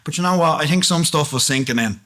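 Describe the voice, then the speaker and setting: A man's voice: fairly high pitch, fast talker, sharp tone. A man giving a plain-spoken, earnest testimony sermon, often asking the congregation questions.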